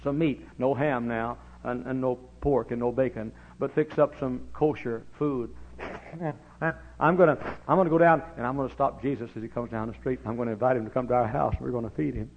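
A man's voice: mid-range voice, steady tone, a little fast, slight background noise, close to an everyday voice. A man voicing a short, eager tax collector, talking in an earnest, pleading way in a sermon story. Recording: dull lo-fi recording.

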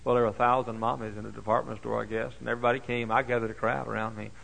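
Gravelly older pastor preaching. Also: male voice, level tone, very fast, poor audio. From Dallas, Texas. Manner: folksy, dramatic, swings from hushed asides to high shouted exclamations. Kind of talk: sermon with personal storytelling. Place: church.

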